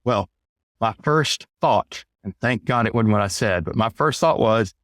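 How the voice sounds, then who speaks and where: A man's voice: lowish voice, lively intonation, a little slow, a bit bright, no room sound, clean studio sound. A man telling a work story as a sales trainer in a casual monologue, blunt and emphatic, with mild cursing and frequent "right?" asides. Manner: conversational, often asks "right?".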